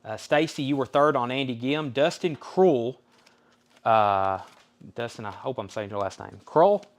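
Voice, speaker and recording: A man with a Southern US accent hosts a live-stream record sale, reeling off album titles and prices in easygoing, folksy patter. He speaks at a middle pitch and a measured pace, calling out buyers' names between items.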